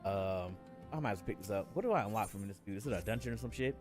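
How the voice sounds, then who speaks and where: A man streaming live while gaming, chatting casually with viewers in a relaxed way, swearing and laughing often, and nursing a headache. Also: lowish voice, rapid-fire, faint music behind. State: has a headache.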